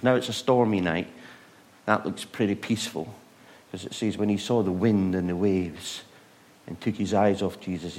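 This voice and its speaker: A man preaching a sermon, retelling stories with rhetorical questions, moving between loud bursts and hushed moments. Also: on the low side.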